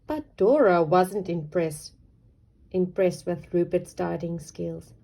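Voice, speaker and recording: A woman's voice: on the low side, slow, vocal fry, mellow. A woman reading a children's picture book aloud, playful and chatty with her young listeners. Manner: playful, mixing in chat to children. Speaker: storyteller.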